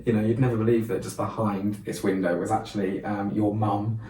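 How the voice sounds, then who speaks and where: A man's voice: lowish voice, little pitch movement, fairly quick, mellow. A man co-hosting a podcast, chatting casually and telling jokey stories. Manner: chatty, joking storyteller. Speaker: podcast co-host and event host. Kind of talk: casual chat. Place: small podcast studio. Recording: roomy sound, mic at a distance.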